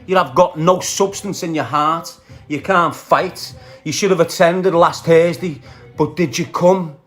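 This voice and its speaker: A man's voice: fairly high pitch, unhurried, fairly bright tone, soft background music. Brash Scouse man ranting on a livestream. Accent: Liverpool Scouse. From Liverpool, England. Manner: aggressive, profane, trash-talking while greeting viewers. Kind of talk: casual livestream rant.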